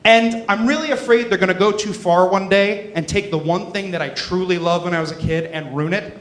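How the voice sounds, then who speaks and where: A man's voice: high-pitched, a little fast. Man in his twenties doing stand-up. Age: 20s. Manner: deadpan with sudden character impressions. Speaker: stand-up comedian. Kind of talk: stand-up set. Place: comedy club stage. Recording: roomy club sound.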